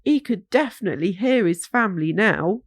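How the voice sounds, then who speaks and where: A woman reading a children's bedtime story aloud, slow and soothing. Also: mid-range voice, expressive, dry recording, clean studio sound.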